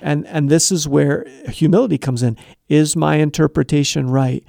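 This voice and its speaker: A middle-aged man explains advice in an earnest, conversational teaching style, slipping into little acted-out exchanges. His voice sits a touch high for a man, with a gravelly edge and a dark, mellow tone. The recording is dry and close, with no room sound. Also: steady tone, normal speed, no echo. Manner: earnest, explains step by step, acts out quoted dialogue. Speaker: guest giving Christian advice.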